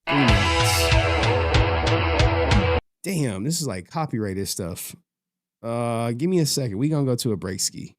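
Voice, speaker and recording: A man's voice: mid-range voice, lively intonation, moderate pace, a little mellow, faint music behind. A man hosting a livestream, chatting loosely with his audience, swearing and getting emotional as he reads their messages. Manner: loose, profane, emotional, reads chat aloud. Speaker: livestream host. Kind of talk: casual livestream chat.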